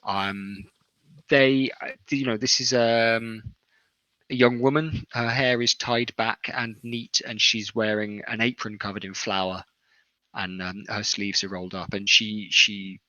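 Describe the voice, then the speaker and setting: Bright-voiced male game master. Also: fairly low pitch, flat delivery, dry recording, lo-fi sound. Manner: descriptive, unhurried narration. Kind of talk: narrating a tabletop game.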